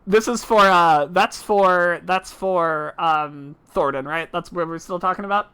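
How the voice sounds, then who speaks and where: Bright-voiced, chatty woman streamer. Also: on the low side, measured pace, few pauses, smooth. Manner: chatty, laughs often, trails off mid-sentence. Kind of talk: casual gaming commentary.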